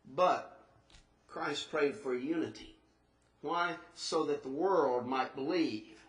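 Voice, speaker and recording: Man, preacher, high voice, earnest, emphatic questions, roomy church echo. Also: recorded from a distance. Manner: earnest, rising emphatic questions, slows to stress scripture. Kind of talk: sermon. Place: church sanctuary. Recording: echoey church recorded from afar.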